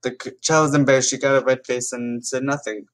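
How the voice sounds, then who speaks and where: This man speaks at a medium pitch in a level tone, going a little fast. He's doing laid-back YouTube reaction commentary, talking to viewers and reading stories out loud with small restarts.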